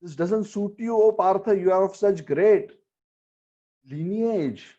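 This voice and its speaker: A man giving a sermon on scripture, slowly chanting verses and asking rhetorical questions. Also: high-pitched, dark tone. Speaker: spiritual teacher. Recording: dull lo-fi recording.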